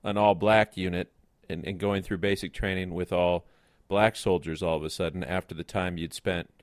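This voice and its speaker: A man's voice: deep voice, steady tone, normal speed, no room sound, studio quality. A man interviewing a veteran, attentive, prompting with questions. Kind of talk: oral history interview.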